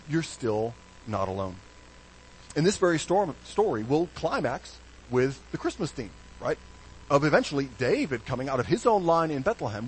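A man preaching a sermon as pastor, animated, with hushed low stresses and sudden bright emphasis. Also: a little hiss or hum, low-quality recording.

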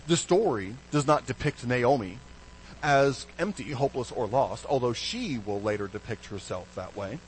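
A man preaching a sermon as pastor, animated, with hushed low stresses and sudden bright emphasis. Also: moderate pace, slight background noise, rough recording.

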